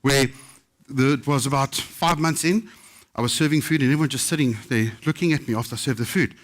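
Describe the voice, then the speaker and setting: A man's voice: mid-range voice, a little fast. A man with a South African English accent telling anecdotes at a book festival, acting out the voices of people he quotes. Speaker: chef telling stories. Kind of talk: live storytelling talk.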